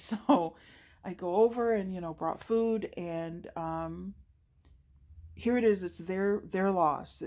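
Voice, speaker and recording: Woman, forties, slightly low voice; earnest, emotional personal testimony, lots of fillers. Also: warm tone. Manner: earnest, heartfelt, with frequent fillers. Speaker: convert sharing her faith story.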